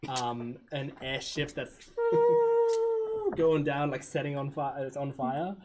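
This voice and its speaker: A man's voice: a little high, wildly swooping pitch, takes it slowly. A man narrating a tabletop game as dungeon master, casual and rambling. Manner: casual, rambling, many fillers.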